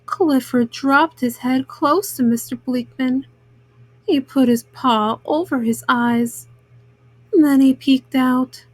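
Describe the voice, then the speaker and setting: A woman reading a children's picture book aloud, gentle and unhurried. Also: sits high, no room sound. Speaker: children's story reader.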